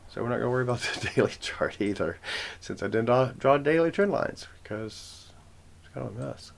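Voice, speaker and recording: A man's voice: mid-range voice, lively intonation, fairly quick, creaky. A man hosting a forex trading channel, talking casually through his chart trend lines with rambling self-corrections and joking asides. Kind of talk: casual screen-share chart walkthrough.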